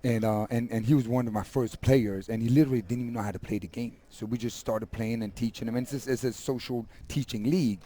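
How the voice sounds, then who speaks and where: A man whose voice is worn out from yelling, speaking as an eager guest in a casual interview. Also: mid-range voice, steady tone, fast talker, few pauses. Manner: eager, laughs often. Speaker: poker league owner, guest.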